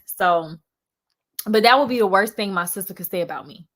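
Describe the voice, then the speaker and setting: A young woman hosts a live stream, telling stories with sass and plenty of "y'all" for her viewers. Her pitch sits in a middle range for a woman, and her delivery is animated and chatty. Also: normal speed. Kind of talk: casual live-stream storytelling.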